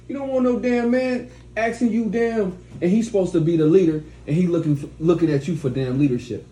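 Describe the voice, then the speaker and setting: A man's voice: high-pitched, brisk, few pauses, warm tone. Blunt, profane man preaching. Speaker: teacher of a study group. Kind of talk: preaching to a class. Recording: echoey room, faint background noise.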